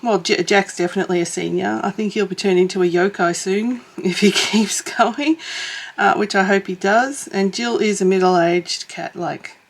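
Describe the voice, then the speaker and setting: A woman's voice: medium pitch, moderate pace. A middle-aged Australian woman chatting casually to her channel while crafting, rambling and correcting herself, with small chuckles. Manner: rambling, self-correcting, chuckles as she talks. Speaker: YouTube crafter and vlogger. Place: home, in a suburb.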